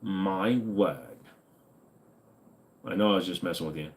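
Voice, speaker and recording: Joking laid-back host. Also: male voice, sits low, animated, unhurried. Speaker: streamer host. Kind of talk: casual chat reading viewer comments.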